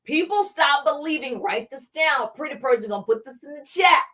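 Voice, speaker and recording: Brief: middle-aged woman, motivational live-stream coach, high voice, punchy and repetitive. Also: lively intonation, normal speed, bright, forceful tone, distant mic. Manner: emphatic, repeats key lines, calls to the chat. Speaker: motivational speaker, home-business coach.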